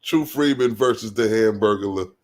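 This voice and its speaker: A man's voice: lowish voice, normal speed, darkish tone. A man hosting his stream, casually introducing an old clip to his viewers. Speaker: streamer host.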